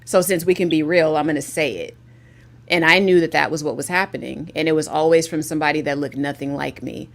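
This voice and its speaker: Woman, panel guest, candid, emphatic, restarts, lowish voice, video call. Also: fairly even intonation, brisk, gravelly. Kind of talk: casual panel discussion.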